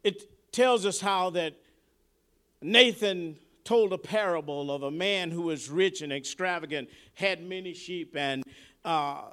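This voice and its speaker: A man preaching a sermon in a conversational way, dropping to quiet asides and rising to shouted peaks, often repeating words as he restarts. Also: high-pitched, measured pace. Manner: preaching with sharp swings between soft asides and shouted climaxes.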